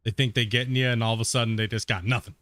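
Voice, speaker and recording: A man casually talking while he streams a game, relaxed and rambling, often laughing. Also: medium pitch, very fast, no room sound. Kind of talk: casual live-stream commentary.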